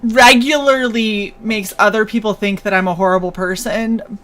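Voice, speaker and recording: This woman hosts a relaxed chat, speaking at a medium pitch and an ordinary speed. She tells her stories with lively energy and performs the lines other people said.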